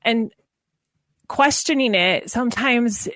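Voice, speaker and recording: A woman speaking as a parenting coach guest in a podcast interview, earnest and animated, often restarting her sentences. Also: a little high, takes it slowly, no echo, studio quality.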